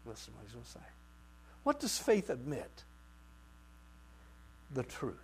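Slow, dramatic male preacher. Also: mid-range voice, wildly swooping pitch, husky. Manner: dramatic, swings from quiet asides to loud outbursts; acts out quoted voices. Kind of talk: sermon.

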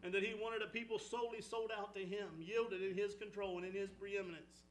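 A man preaching an impassioned sermon, swinging between loud exhortation and hushed storytelling. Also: little pitch movement, brisk, slight background noise, rough recording. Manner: impassioned, rising and falling, drops low for storytelling. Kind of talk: fervent sermon.

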